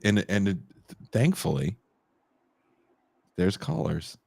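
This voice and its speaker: A man hosting a call-in podcast in casual chat, reacting with loud gasps and laughs. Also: low voice, sing-song, slow pace, vocal fry, husky. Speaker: podcast host taking callers.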